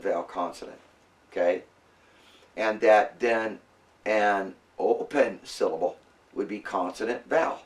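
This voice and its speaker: A man teaching a class in a casual, halting way, with many fillers and restarts. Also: lowish voice, recorded from a distance. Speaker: Bible language teacher. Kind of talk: classroom lecture.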